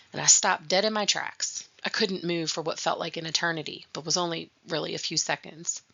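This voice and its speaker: Husky, bright-toned woman telling a personal story. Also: on the low side. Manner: earnest, reflective, emotional. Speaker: podcast host. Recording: dull lo-fi recording.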